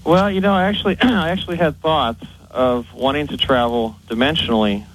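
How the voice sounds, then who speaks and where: A man's voice: on the high side, brisk, rough recording. Nervous guy calling a radio show, earnest, bit of noise on the line. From United States. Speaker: caller. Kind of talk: phone-in chat.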